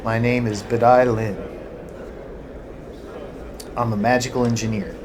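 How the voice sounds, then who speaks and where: A man's voice: medium pitch, little pitch movement, measured pace, close to an everyday voice. A man reading the part of a severe, nervous woman engineer who answers curtly and guardedly, over a noisy home recording. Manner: curt, guarded.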